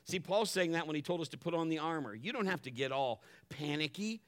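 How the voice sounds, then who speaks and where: A middle-aged man preaching a sermon as pastor, animated, acting out his family's voices and dropping to a hush for calm moments. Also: on the high side, brisk. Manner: drops to a hushed voice for calm moments.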